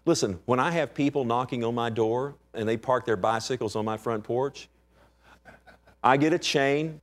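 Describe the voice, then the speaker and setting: A man's voice: mid-range voice, normal speed. Man preaching an emphatic sermon. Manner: emphatic preaching, asks the congregation for amens. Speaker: pastor.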